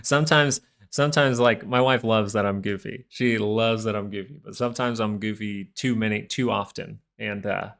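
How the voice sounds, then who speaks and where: A man's voice: lowish voice, fairly even intonation, normal speed, creaky, few pauses, fairly bright tone. A young man hosting a live stock market stream, rambling through casual chart commentary full of fillers and goofy asides.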